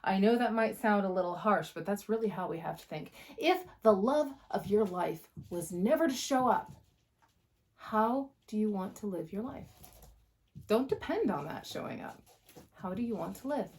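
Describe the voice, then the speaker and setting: A woman's voice: mid-range voice, animated, a little mellow. Blunt, swearing woman tarot reader. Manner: blunt, passionate, swears freely, quick bursts. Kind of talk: casual tarot reading to camera.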